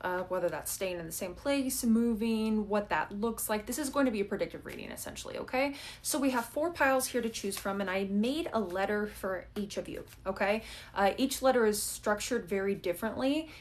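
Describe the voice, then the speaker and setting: A woman's voice: mid-range voice, animated, fairly quick. Chatty woman doing a tarot reading. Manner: chatty, keeps checking in with "okay?"; blunt, swears casually. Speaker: tarot reader. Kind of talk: casual pick-a-card tarot reading.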